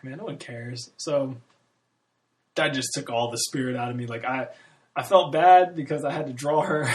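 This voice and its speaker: A man in his early thirties, rambling candidly in a casual monologue, swearing freely and laughing often. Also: mid-range voice. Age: 30s. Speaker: podcast host.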